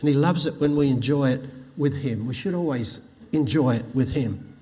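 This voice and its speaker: Folksy preacher in a hall. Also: male voice, mid-range voice, normal speed, darkish tone. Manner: folksy storytelling with jokes. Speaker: pastor. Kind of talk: sermon. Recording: long reverb in a hall.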